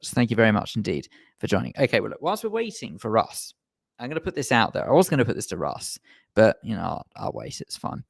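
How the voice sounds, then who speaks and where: Man, radio co-host, animated pitch, dry close sound. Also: creaky, dry recording. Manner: chatty, reads out listener messages. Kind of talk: casual radio chat.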